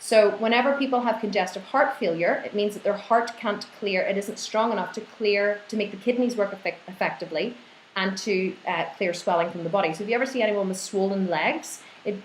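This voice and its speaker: A woman's voice: mid-range voice, a little fast, a little hiss or hum. Ranting woman coach in an echoey room. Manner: animated, ranting, reads out viewer questions. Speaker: fitness and nutrition coach. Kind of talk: live online Q&A.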